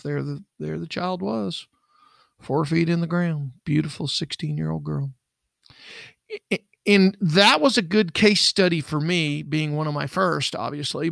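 Middle-aged man, ex-investigator type, very gravelly voice, dry close sound, rambling storyteller. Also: a little high, fairly bright tone, no room sound. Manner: rambling, acts out quoted dialogue. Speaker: podcast co-host, former investigator. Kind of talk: casual true-crime storytelling.

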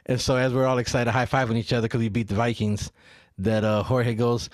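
A father in casual chat, telling animated stories and acting out what people said. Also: mid-range voice, a little fast, no echo, studio quality. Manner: animated storyteller who acts out quotes.

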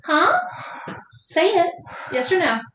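A woman with a high, very lively voice that swings up and down. She co-hosts a podcast and gives short, bossy orders. Her voice echoes in a roomy space. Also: slow, a little hiss or hum. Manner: bossy, commanding. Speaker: podcast co-host. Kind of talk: casual chat. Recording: echoey room.

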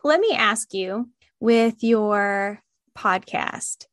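A woman's voice: mid-range voice, takes it slowly, a bit bright, dry recording. Friendly woman host, dry close sound. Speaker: podcast host. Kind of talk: casual interview chat.

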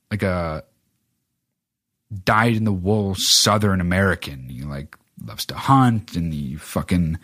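Husky low-voiced man ranting profanely. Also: fairly bright tone, dry recording, clean studio sound. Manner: profane, rambling, many filler words. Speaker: podcast host. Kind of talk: casual solo film rant.

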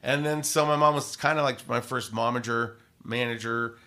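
A man who works as a radio host and podcaster tells stories in a casual interview at a normal speed and medium pitch. He's rambling and animated, with many fillers.

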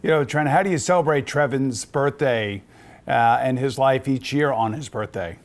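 A middle-aged man hosting a podcast, asking questions in a measured, sympathetic way. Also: medium pitch. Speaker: podcast host. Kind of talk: interview questions.

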